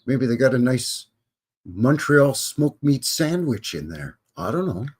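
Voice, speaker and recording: A husky-voiced man in his fifties chats on a live stream. He rambles and jokes, his pitch rising and falling in a lively way. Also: measured pace. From Canada. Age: 50s. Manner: joking, rambling, drops into silly voices. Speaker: host. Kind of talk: casual live-stream chat.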